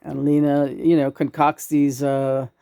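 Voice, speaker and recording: A man's voice: fairly high pitch, monotone, unhurried, creaky, warm tone, clear, resonant tone, no room sound, studio quality. Man co-host, hesitant and searching for words, casual chat.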